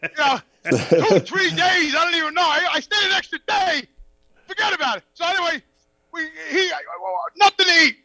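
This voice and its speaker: A man telling a profane, animated story on a podcast and acting out the dialogue. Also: very high-pitched, normal speed, creaky, no room sound, poor audio. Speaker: podcast guest. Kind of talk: casual storytelling.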